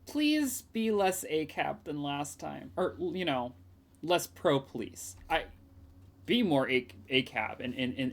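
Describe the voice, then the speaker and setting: Sarcastic joking woman streamer. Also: a bass voice. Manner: joking, rambling, sarcastic asides. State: runny nose from the cold. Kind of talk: casual gameplay commentary.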